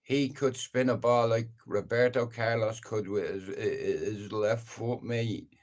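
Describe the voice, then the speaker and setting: A man's voice: fairly low pitch, steady tone, slow, darkish tone. Blunt, sweary man. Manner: blunt, sweary, rambling, opinionated. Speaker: livestream host. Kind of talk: casual live-stream rant.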